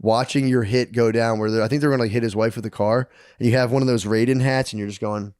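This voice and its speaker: A man co-hosting a podcast, retelling a book in a rambling, animated way, full of "dude" and "like". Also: mid-range voice, quick pace, clean tone, no echo, studio quality. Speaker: podcast co-host. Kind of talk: casual chat, retelling a book.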